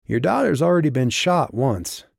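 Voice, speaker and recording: Audiobook: a calm, wry sheriff read by a male narrator, measured and dry, in a plain mid-pitched voice. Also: gravelly, no echo.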